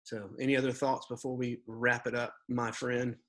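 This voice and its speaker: A man's voice: medium pitch, level tone, moderate pace, a bit bright. A man who is a pastor, talking earnestly in a casual church podcast conversation and reading scripture aloud.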